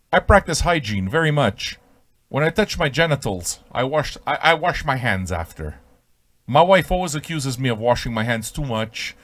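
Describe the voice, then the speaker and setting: A middle-aged man hosting a casual radio show, rambling and swearing in a jokey way, with sudden loud bursts. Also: on the high side. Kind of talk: casual profane radio banter.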